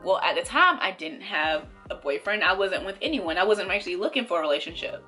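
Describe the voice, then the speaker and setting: A young woman vlogger telling a storytime to camera in a casual, animated way, acting out the voices of the people in it. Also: mid-range voice, brisk, faint music behind. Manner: animated, acts out quoted voices, laughs between lines. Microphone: camera mic.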